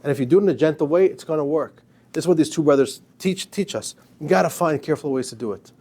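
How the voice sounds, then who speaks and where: A man's voice: fairly high pitch, quick pace, mellow. A man, a rabbi, giving an informal, emphatic lecture to a class, joking with his students.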